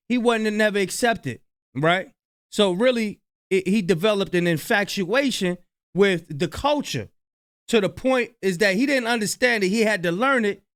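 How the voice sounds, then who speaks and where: A man from New Jersey hosting a reaction channel, giving animated, slangy commentary on clips and repeating his points. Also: sits high.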